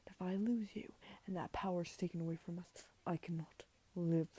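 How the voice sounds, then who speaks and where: Woman voicing a firm protective pirate captain, low breathy whisper, whispered role-play. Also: fairly even intonation, brisk, mellow. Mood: stern.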